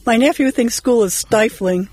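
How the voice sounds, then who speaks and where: Woman briskly reading jokes. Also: fairly high pitch, darkish tone, slightly rough, no room sound, low-quality recording. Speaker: co-host.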